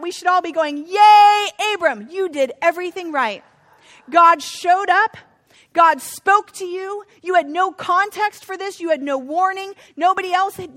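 High-voiced woman pastor preaching. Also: sharp tone. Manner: conversational preaching, acts out voices of biblical figures. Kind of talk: sermon.

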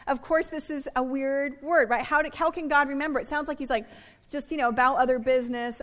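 A woman preaching a sermon in a conversational, animated way, with playful asides to her listeners. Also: high voice, brisk.

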